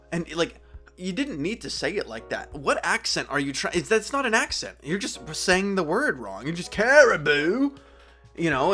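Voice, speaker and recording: A young man with a fairly high voice hosts a solo podcast, riffing and rambling about films. He slips into silly voices to act out lines. Faint music hums underneath. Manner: animated, rambling, acts out quotes in silly voices. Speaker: podcast host. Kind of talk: casual solo podcast talk about movies.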